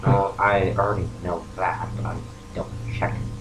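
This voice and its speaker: Low-voiced man playing a tabletop game. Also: little pitch movement, moderate pace. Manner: unsure, asking questions. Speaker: player. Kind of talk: casual tabletop game chat. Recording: noisy home recording.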